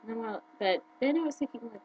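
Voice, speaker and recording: A woman chatting casually to her viewers as a video blogger, excitable, her pitch jumping up when she gets worked up. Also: fast talker, highs cut off, a little hiss or hum. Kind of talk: casual fan chat to camera.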